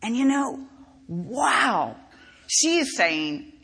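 Bright-voiced woman preaching a sermon. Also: a little high, extremely slow, vocal fry, husky. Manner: conversational, animated storytelling with asides. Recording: reverberant hall.

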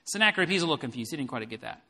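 A man preaches a sermon in a church sanctuary, taking the scripture passage verse by verse and putting it into plain, everyday words. His voice sits fairly high and has a bright, forceful edge. A long reverb from the hall trails behind each phrase. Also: lively intonation, racing, gravelly. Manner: expository Bible preaching with paraphrase. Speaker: pastor.

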